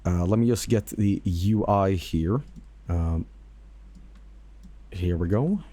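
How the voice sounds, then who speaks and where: A man streaming, casually reacting to videos with lively laughs and swearing. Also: low-pitched, slow pace, dry recording.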